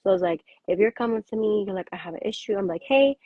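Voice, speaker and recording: A young woman co-hosts a candid chat, animated, slipping into her friends' voices as she tells her stories. Her voice is husky and dry. It comes through a thin, phone-like line. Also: medium pitch, very fast, no room sound. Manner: animated, acts out friends' lines in quotes. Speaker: co-host.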